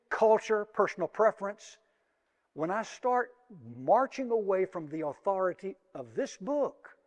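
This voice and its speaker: A man preaching a sermon, moving between quiet asides and loud emphatic peaks and asking his congregation questions. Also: fairly high pitch, long reverb tail.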